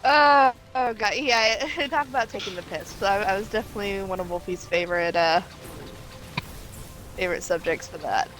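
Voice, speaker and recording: Bright, chatty American woman. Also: medium pitch, soft background music. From Florida, USA. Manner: chatty and quick to laugh. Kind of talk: casual chat on a livestream.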